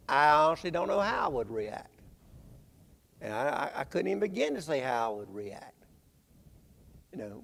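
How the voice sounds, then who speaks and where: Gravelly preacher in a church. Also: male voice, fairly high pitch. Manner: halting, repeats words, conversational. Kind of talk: bible class sermon. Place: church sanctuary. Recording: reverberant church hall.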